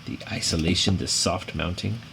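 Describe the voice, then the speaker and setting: A middle-aged American man with a low, creaky, bright, forceful voice chats at a normal speed with fairly even intonation while building a drone frame on his own channel. His casual tutorial talk is rambling, self-deprecating, and apologetic, and he growls when frustrated. Background noise is audible.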